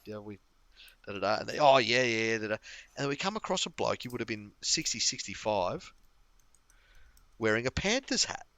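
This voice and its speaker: A man tells a rambling story, swearing freely and laughing along the way. His voice has a bright, forward edge and sits a little low. The sound is dry and close, with no room around it. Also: lively intonation, moderate pace, long pauses, no echo. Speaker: podcast co-host. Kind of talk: casual chat.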